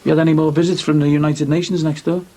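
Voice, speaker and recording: Brief: a scouse handyman, fast-talking, husky, dry wit. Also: on the high side, flat delivery, dark tone. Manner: chatty, dry-humoured. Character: chatty middle-aged Liverpool handyman, dry wit. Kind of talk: 1990s TV soap acting.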